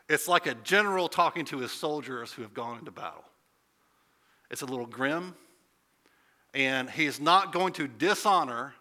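A man's voice: mid-range voice, sharp tone. A man preaching a conversational sermon, asking rhetorical questions and building to emphatic points. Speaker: pastor.

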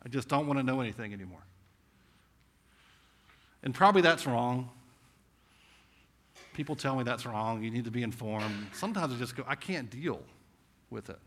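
A man with a Southern US accent preaching a conversational sermon, asking rhetorical questions and swinging between intense and hushed delivery. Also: medium pitch, moderate pace, pauses often, slight background noise. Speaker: pastor.

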